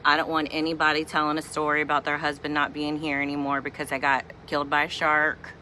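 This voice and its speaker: Bright-voiced, exasperated woman vlogger. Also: deep voice, completely flat delivery, quick pace, a little hiss or hum. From Virginia, USA. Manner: chatty, exasperated, humorous. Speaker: vlogger and mother. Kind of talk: casual ranting vlog.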